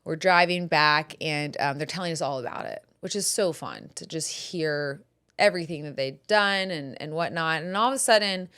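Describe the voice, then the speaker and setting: A woman in her thirties hosting a podcast, telling animated family stories with frequent laughter. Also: low voice, normal speed, smooth. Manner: animated storyteller, laughs often. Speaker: podcast host. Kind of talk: casual chat.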